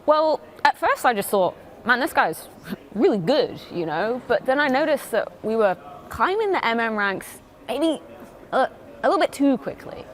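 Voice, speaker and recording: Casting note: chatty woman guest, lively, rising and falling voice, a bit high. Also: normal speed. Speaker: talk-show guest in a sketch. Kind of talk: comedic confessional storytelling.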